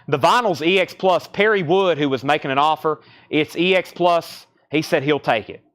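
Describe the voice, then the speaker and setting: A man in his thirties hosting a live-stream record sale, rattling off bids, buyer names and record details in a quick, rambling patter. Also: fairly high pitch, fairly bright tone.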